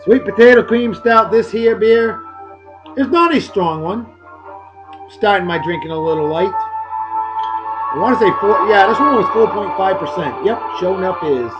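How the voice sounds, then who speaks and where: A man's voice: high-pitched, unhurried, highs cut off, music in the background. Hammy New England man hosting a beer vlog. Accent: Boston area. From Massachusetts. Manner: hammy, jokey, exclamatory. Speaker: beer review show host. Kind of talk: casual beer-tasting vlog. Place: home desk.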